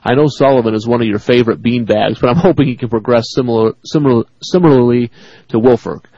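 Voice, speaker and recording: A man co-hosting sports talk radio, reading listener emails and laughing between lines. His voice sits at an everyday pitch and comes through a dull, dry studio feed. He talks in a loose, joking way. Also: fast, mellow, husky, no echo. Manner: laughs often, reads emails aloud.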